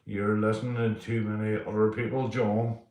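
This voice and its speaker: Fairly low and a bit dark, his voice holds a level tone at normal speed against a reverberant backdrop. The man chats loosely on his stream, calling out viewers' names, swearing heavily and saying "mate" again and again.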